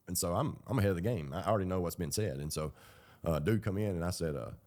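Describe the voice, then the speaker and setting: A man's voice: low voice, quick pace, a little mellow. A man telling his own story in a loose, rambling, colloquial way. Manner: rambling, colloquial, with fillers and laughs. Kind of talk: casual storytelling.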